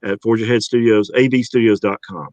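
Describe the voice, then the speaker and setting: A man's voice: fairly low pitch, fairly even intonation, brisk, darkish tone, dry recording, dull audio. A man with a Georgia accent, an easygoing and chatty voice actor being interviewed. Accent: Georgia, US South. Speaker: voice actor guest. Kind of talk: casual interview talk.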